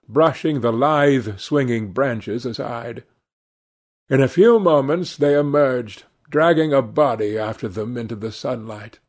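A man reading a classic novel aloud as narrator, with a measured, deliberate delivery. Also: mid-range voice, darkish tone. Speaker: audiobook narrator. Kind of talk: scripted literary narration.

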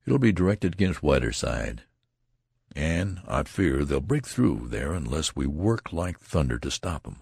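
A man doing a cool, measured general. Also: extremely low pitch, very animated, gravelly, darkish tone, husky, no room sound, studio quality, full character voice. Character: cool, detached male division general.

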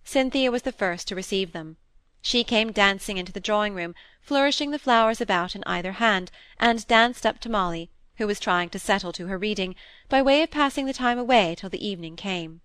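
A woman narrating a classic novel in a measured, even storytelling manner. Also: medium pitch, smooth, dry recording. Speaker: audiobook narrator.

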